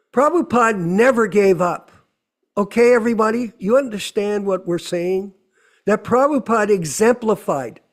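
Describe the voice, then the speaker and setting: A middle-aged man giving a conversational sermon, full of rhetorical questions. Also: high voice. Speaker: temple speaker.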